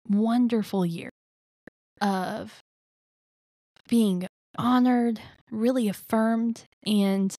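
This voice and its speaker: A woman's voice: medium pitch, darkish tone, no room sound. A young woman from Alabama, a life coach, telling her personal story in an earnest, chatty way with many fillers.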